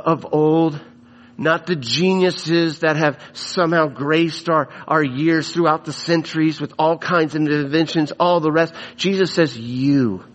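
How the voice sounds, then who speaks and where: A man's voice: fairly high pitch, dull audio. A man preaching a sermon, emphatic, repeating phrases for stress. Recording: long hall reverb.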